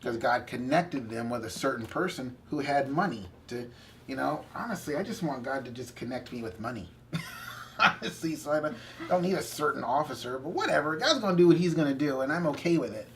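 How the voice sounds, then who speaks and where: A young man co-hosting a faith video channel, telling a story in casual chat with animated asides and self-corrections. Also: mid-range voice, a little fast, a little hiss or hum.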